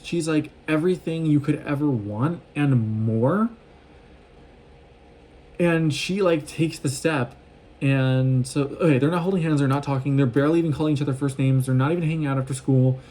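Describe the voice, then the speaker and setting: A man talking fast in a casual, excited recap vlog, rambling with lots of fillers and restarts, recorded on a phone. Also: fairly high pitch. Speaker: vlogger recapping a show.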